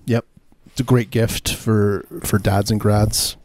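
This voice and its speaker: A man's voice: fairly low pitch, level tone, takes it slowly, darkish tone, slight background noise. A man co-hosting a casual comedy podcast, laid-back with a dry sense of humor. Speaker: podcast co-host.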